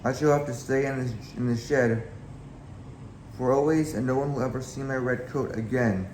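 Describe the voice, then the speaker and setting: A man's voice: mid-range voice, steady tone, moderate pace, darkish tone, a little hiss or hum, close to an everyday voice. A man reading a storybook aloud, voicing a proud young red steam engine who turns humble and determined. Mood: sad. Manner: sorry, then puffing and determined. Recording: echoey room, faint background.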